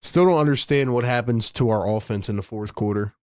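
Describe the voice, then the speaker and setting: A man's voice: medium pitch, brisk, smooth, dry recording, clean studio sound. A man hosting a live fan broadcast, calling the plays and scolding the team in exasperation. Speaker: host calling live play-by-play. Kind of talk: fan play-by-play and rant.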